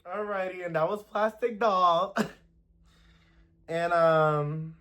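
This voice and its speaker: A man's voice: high voice, slow pace, fairly bright tone. A man hosting a music reaction video, talking casually and expressively with playful emphasis.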